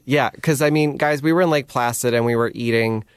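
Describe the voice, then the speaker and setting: A man's voice: mid-range voice, brisk, clear, resonant tone, no echo. A man in his thirties co-hosts a casual chat, sounding sleepy and giggling at his own jokes. His voice is recorded dry and close. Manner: self-mocking, giggly. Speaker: podcast co-host.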